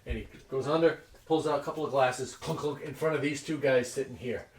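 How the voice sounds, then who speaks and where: A man narrating a tabletop game as game master, halting with many restarts and fillers. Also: mid-range voice, fairly even intonation. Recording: echoey room from far off, noisy.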